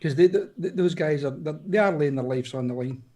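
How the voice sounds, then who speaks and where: A Scottish man talking as a guest on a casual live chat, with a slightly high voice. He trips over his words and restarts them, and keeps an animated, chatty tone. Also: brisk. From Scotland.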